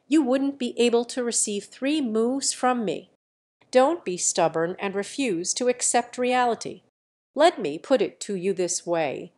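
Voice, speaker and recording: A woman reading the part of a brash, easygoing young male martial hero who talks in a calm, lecturing, self-assured way. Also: medium pitch, close to an everyday voice.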